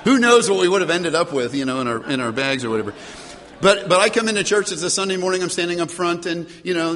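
A middle-aged man preaches in a church, his voice a touch higher than most men's. He tells his stories with animation and little chuckles, often repeating a word as he goes. A long reverb trails every phrase. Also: a bit bright. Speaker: pastor. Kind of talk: sermon with personal storytelling.

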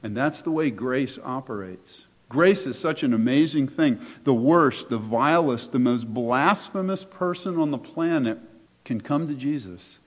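A man's voice: medium pitch, animated, a little slow. Male pastor preaching in an echoey hall. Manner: conversational, emphatic preaching with rhetorical questions. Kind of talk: sermon. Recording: echoey hall, dull lo-fi sound.

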